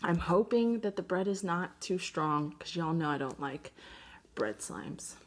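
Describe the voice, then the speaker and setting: A woman talks through her slime reviews in a casual, gushing way. Her voice sits low. Clear crinkling, crunching and clicking play under her words throughout. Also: animated, a little slow, a little hiss or hum. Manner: chatty and gushing.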